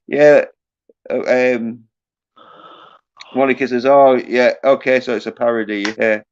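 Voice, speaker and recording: A man hosting a casual livestream chat, halting and joking with casual swearing. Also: mid-range voice, steady tone, slight background noise. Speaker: host. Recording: muffled lo-fi audio.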